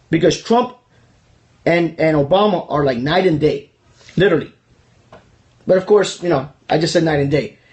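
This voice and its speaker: A man with a rather high voice delivers a casual political rant as host of his own show. He talks heatedly and profanely, circling back to the same points again and again, and swears freely. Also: a little mellow. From Miami, Florida.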